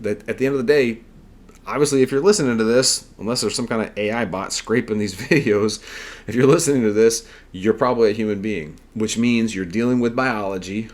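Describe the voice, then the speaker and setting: A man hosting a podcast, telling a story in an earnest, rambling, conversational way. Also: lowish voice. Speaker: podcast host. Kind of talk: casual storytelling monologue.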